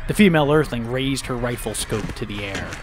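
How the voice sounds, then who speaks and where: A man narrating a first-person story aloud with lively, dramatic delivery. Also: medium pitch, fairly quick, background noise. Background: background music.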